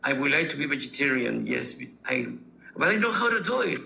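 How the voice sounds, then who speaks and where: A man from Peru with a Peruvian Spanish accent, speaking halting learner English in a class on a video call. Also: medium pitch, big pitch swings, gravelly, bright, forceful tone, poor audio. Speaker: student. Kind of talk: casual conversation.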